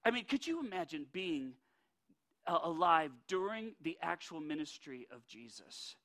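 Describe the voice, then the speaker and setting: Folksy male preacher, high bright voice, lively sermon delivery. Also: normal speed. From North Dakota. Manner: folksy, animated, with many restarts.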